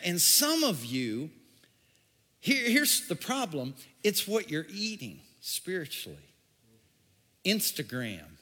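A man's voice: high voice, bright, forceful tone, in a large hall. A man preaching a sermon, stammering on restarts and acting out groggy complaints and fervent prayers. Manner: stammering restarts, acts out groaning and praying voices. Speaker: pastor.

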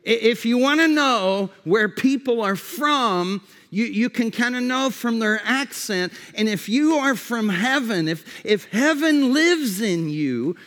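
A man preaching in a relaxed, conversational way, often restarting his phrases and dropping to a soft, slow voice for reflective questions. His voice sits fairly high and unhurried. The sound rings with the long reverb of a large hall. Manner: conversational preaching with repeated false starts. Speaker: pastor. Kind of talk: sermon.

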